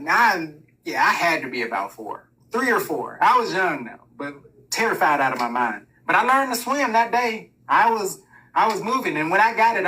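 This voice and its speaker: A man's voice: high-pitched, pushed and bright, recorded from a distance, slight background noise, rough recording. A man telling a personal story in a casual, rambling monologue, full of swearing. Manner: profane, rambling, laughs through his own story.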